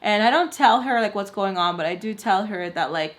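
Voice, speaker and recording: A young woman in the middle of a makeup storytime, rambling from one thought to the next with constant "like" fillers. She tosses the odd Spanish word into her English. Her voice sits at an ordinary middle pitch. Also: a little fast. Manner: rambling, heavy "like" fillers, animated retelling; drops in Spanish words. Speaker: beauty vlogger. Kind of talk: storytime while doing makeup.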